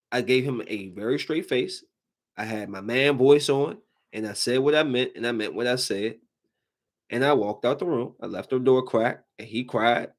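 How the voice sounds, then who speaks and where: A man in his thirties, a podcast host, telling stories casually and acting out voices. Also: medium pitch. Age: 30s. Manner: animated, acts out voices in anecdotes. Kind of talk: casual storytelling.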